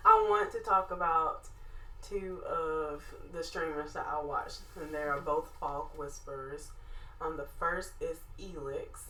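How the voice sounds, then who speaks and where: A low-voiced woman with a Southern drawl from Alabama, chatting as a podcast co-host. Her tone is bright and forceful, sassy and animated, and she laughs often. The room around her is echoey. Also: takes it slowly. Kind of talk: casual chat.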